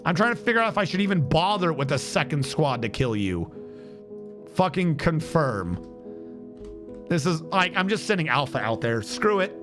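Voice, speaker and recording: A man streaming a game with casual commentary, animated and exasperated, swearing freely and talking to chat. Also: fairly high pitch, normal speed, music in the background.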